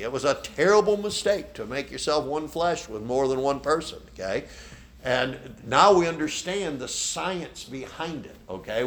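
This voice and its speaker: Preaching man tagging "okay?" on points. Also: mid-range voice. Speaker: pastor. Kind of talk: sermon. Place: church.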